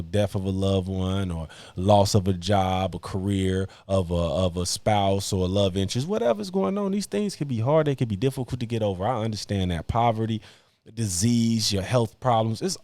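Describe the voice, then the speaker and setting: A young podcast host lectures other men on hard work, talking bluntly in slang through a casual debate and preachy monologue. His voice sits at a fairly low pitch and sounds a little mellow, with no room sound.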